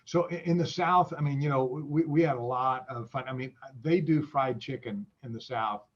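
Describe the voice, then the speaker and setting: A man who is a guest on a video call, chatting casually in a halting way with many restarts and fillers. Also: medium pitch, dull audio.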